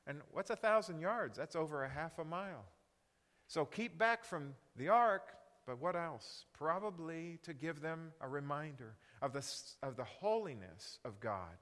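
A man preaching a Bible lesson in a lively voice that climbs and falls across a wide range. He talks in an animated way and keeps asking his listeners questions. His voice sits a little high for a man, and a long reverb trails after it. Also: measured pace. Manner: animated, asks the audience questions. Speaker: Bible teacher. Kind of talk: sermon.

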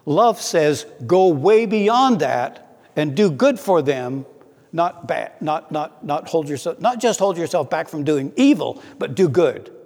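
A man preaching a sermon in an earnest way, slowing down to read scripture aloud. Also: a little high, expressive, darkish tone, slightly rough, in a large hall.

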